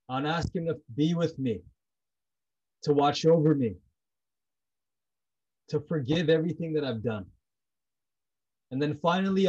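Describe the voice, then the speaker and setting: A man's voice: on the high side, a little mellow, breathy edge, lo-fi sound. A man talking about prayer in a heartfelt, personal way. He is intense and blunt, repeats himself, and swears freely.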